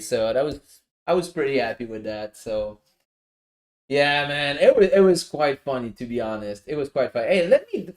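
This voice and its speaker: A man hosting a casual livestream from his home office, telling a lively story and swearing freely. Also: medium pitch. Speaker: livestream host.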